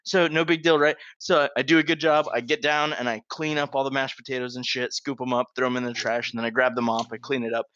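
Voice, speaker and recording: A man's voice: medium pitch, fairly even intonation, fast talker, hardly any pauses, fairly bright tone, dry recording. Laid-back man telling a profane story. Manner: laid-back, profane, laughs through his stories. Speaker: podcast co-host. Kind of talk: casual chat, storytelling. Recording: dry, slightly dull sound.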